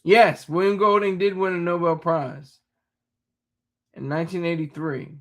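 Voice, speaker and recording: A man's voice: on the high side, steady tone, measured pace. A man hosting a casual live chat, reading viewer comments aloud and replying, laughing often and stumbling over words.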